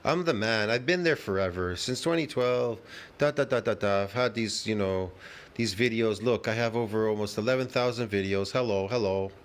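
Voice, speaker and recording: A man's voice: fairly low pitch, normal speed, a little hiss or hum, natural voice. A man doing a mocking impression of a boastful, arrogant aging gym guru who brags in an exaggerated way.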